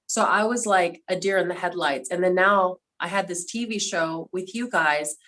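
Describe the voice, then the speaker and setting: A woman's voice: lowish voice, moderate pace, a bit bright, low-quality recording. A woman hosting a cast reunion over a video call, telling stories in a casual, heartfelt way and getting emotional. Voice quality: quadriplegic speaker talking from a seated video call.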